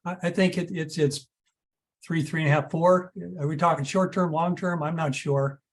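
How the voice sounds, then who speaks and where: A man's voice: a little high, fairly even intonation, normal speed. Hesitant man answering advisor questions. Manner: hesitant, lots of restarts and uh's. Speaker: guest advisor. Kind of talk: casual expert answers. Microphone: video call.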